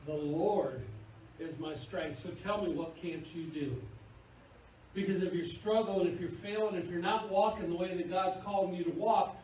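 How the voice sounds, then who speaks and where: A man preaching a sermon in an animated, playful way, acting out little scenes. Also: high-pitched, normal speed. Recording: echoey room, picked up from far off, faint hiss.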